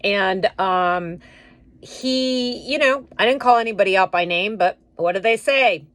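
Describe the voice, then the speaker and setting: A woman's voice: mid-range voice, unhurried, dry recording. A woman talking straight to camera in a casual vlog, angrily venting as she retells a fight at work. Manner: indignant, venting, animated retelling. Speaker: vlogger.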